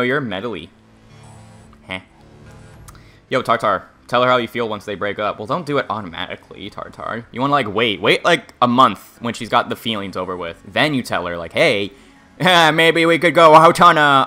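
A male game streamer rambling crudely to his viewers between jokes. His voice sits at a middling pitch and sounds bright and forceful. He talks loosely and swears freely. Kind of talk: casual livestream gameplay commentary.

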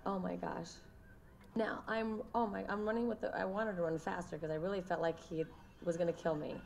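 A woman gives film commentary in a low, gravelly voice with a dark, mellow tone. She talks in an animated, exclaiming way, with faint noise in the background. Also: a little fast. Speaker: actress. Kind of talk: recorded commentary interview.

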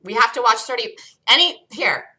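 A woman hosting a live day trading room, excitedly calling trades as they happen, her voice getting worn from talking loud. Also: fairly high pitch, moderate pace. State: losing her voice. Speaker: day trading show host.

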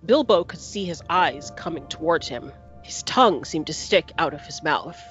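Animated woman reading a storybook aloud. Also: low voice, normal speed, muffled recording, faint music behind. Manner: expressive, animated narration. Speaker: podcast host and reader.

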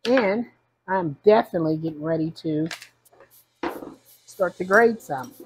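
A woman's voice: lowish voice, measured pace, faint music behind, poor audio. A woman cooking at the stove in a home kitchen, chatting casually and narrating each step for her viewers. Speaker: home cook.

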